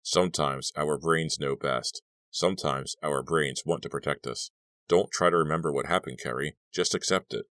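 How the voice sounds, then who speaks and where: A man reading an audiobook, voicing a tired, bitter middle-aged police lieutenant speaking slowly to his son. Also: fairly bright tone, no room sound. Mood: weary. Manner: slow, low and clipped.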